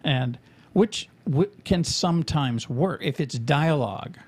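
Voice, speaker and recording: A man's voice: fairly high pitch, expressive, slow pace, darkish tone, breathy edge. A man co-hosting a podcast, chatting casually in a rambling, profane, joking way. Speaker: podcast co-host.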